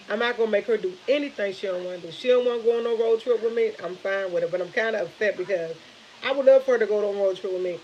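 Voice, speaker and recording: A woman's voice: medium pitch, darkish tone. Woman just talking on her stream, rambly, kinda dull audio w/ a little hiss. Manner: chatty, rambling, retells conversations. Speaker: vlogger. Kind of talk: casual live-stream chat.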